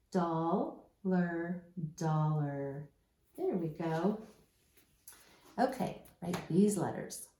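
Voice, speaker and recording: A woman teaching a slow, deliberate phonics lesson to young children, spelling out letters one at a time and modeling each sound patiently. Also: mid-range voice, dark tone, echoey room. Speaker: reading intervention teacher.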